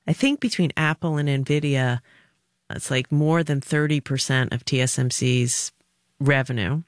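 A middle-aged woman answering interview questions in an emphatic, direct way, telling stories with lively energy. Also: very deep voice, measured pace, dry recording, clean studio sound. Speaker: former government official, guest.

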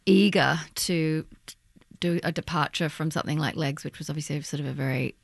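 This is a woman with a very low, gravelly voice. She is an actor guest who talks through her answers thoughtfully, often stopping and restarting. The sound is dry and close. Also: fairly quick, no room sound. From Australia. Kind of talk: conversational interview.

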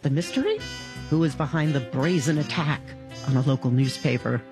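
A woman's voice: low-pitched, brisk, music in the background. A woman reading a scripted radio promo in a dramatic, teasing way.

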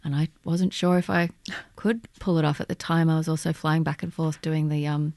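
A woman's voice: deep voice, flat delivery, no echo. An actress, chatting in an interview and searching for her words as she talks. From Australia. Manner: warm, halting, searching for words. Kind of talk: casual interview chat.

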